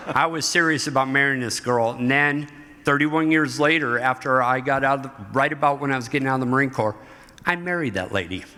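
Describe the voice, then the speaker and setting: A middle-aged man, a guest in an interview, telling stories from his life in an animated way, often laughing. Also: mid-range voice, a little fast, slight background noise. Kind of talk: storytelling interview. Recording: hall reverb.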